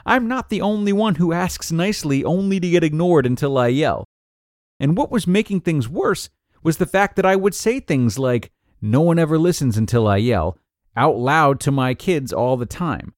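Lively man reading a podcast article. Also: fairly high pitch, normal speed, dry recording, studio quality. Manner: lively, expressive reading, acting out quoted lines. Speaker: podcast host and narrator. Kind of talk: reading a parenting article aloud.

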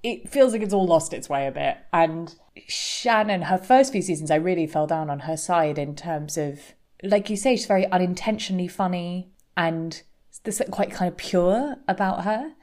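A woman's voice: fairly low pitch, moderate pace, darkish tone. A woman co-hosting a podcast, chatting in a reflective way with easy laughter. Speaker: podcast co-host. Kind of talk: casual chat.

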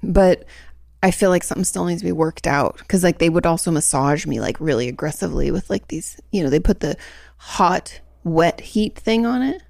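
A woman's voice: fairly low pitch, expressive, normal speed, creaky, darkish tone, dry recording, studio quality. A young adult woman co-hosting a podcast, chatting casually and rambling through stories with lots of fillers. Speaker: podcast co-host. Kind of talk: casual chat.

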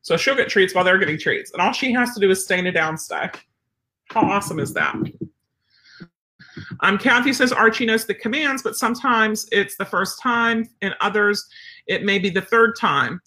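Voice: mid-range voice, moderate pace. A dog trainer chatting casually on a live stream, answering viewer comments and acting out little dialogues. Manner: animated, chatty, acts out dialogues.

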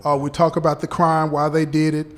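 A man playing a parole officer who explains things slowly and deliberately, checking in often with "okay?" and "right?". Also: on the high side, monotone, close to an everyday voice. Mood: explaining. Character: patient male parole officer briefing a relative.

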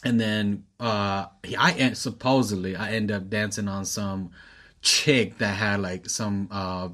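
A man's voice: on the low side, a little slow. A man in his twenties telling a wild story in casual chat, laughing often and swearing freely. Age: 20s. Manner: laughs often, animated when quoting, profane.

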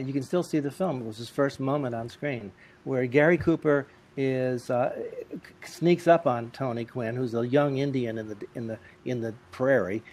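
A man telling lively, comic anecdotes as an interview guest. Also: medium pitch. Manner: lively, animated, comic timing. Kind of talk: anecdotal storytelling.

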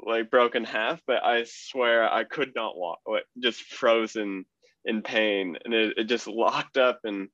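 A man's voice: fairly low pitch, a little slow, no echo, muffled recording. A man, a cyclist guest, telling a story in casual chat with lots of fillers and laughter. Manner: relaxed, laughs through stories, many fillers.

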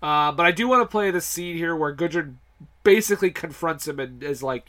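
A man's voice: a little high, animated, a little fast, a bit bright. A man hosting a casual film discussion podcast, blunt and frustrated, swearing freely. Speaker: podcast host.

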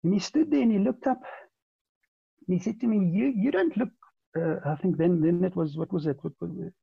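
Gravelly, husky man telling a story. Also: high voice, fairly quick, no room sound, phone-quality sound. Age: 40s. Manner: rambling, with many repeated words and restarts. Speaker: interview guest. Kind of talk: conversational storytelling.

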